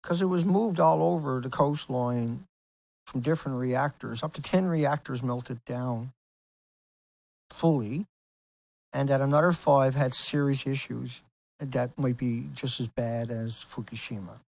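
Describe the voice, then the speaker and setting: A man's voice: medium pitch, unhurried, gravelly, a little mellow, dry recording. A man hosting his own video, talking casually and insistently over pictures on screen, asking rhetorical questions as he rambles. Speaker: video host.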